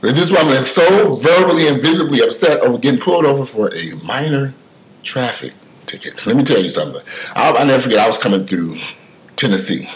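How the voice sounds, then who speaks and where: A man giving casual spoken commentary, telling stories with emphatic swings from loud outbursts to mutters, cursing freely. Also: medium pitch, expressive, fast talker, rough recording.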